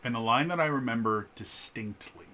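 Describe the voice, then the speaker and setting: A man recounts a story for his vlog in a casual, animated way. His voice is bright and forward, sitting at an ordinary pitch. He stammers and restarts often and jumps up in pitch to act out what others said. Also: normal speed, a little hiss or hum. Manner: animated, acts out quoted lines with shifts in pitch; frequent fillers and stammered restarts. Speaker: vlogger.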